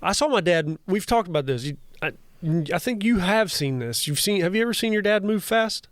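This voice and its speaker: A man's voice: sits high, animated, brisk, no room sound, clean studio sound. A man co-hosting a podcast, rambling through stories, restarting sentences and swearing in casual chat. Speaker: podcast co-host.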